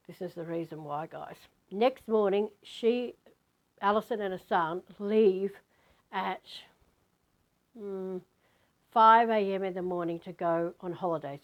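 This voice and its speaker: A woman's voice: on the low side, low-quality recording. A woman who is a spiritual vlogger, telling a personal story in a candid, rambling way with plenty of swearing.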